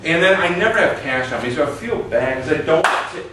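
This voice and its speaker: A man's voice: fairly high pitch, animated, fairly quick, noisy background. A man doing improv comedy on stage, telling a rambling self-deprecating story. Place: small comedy club stage. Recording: very echoey club, distant mic, audience.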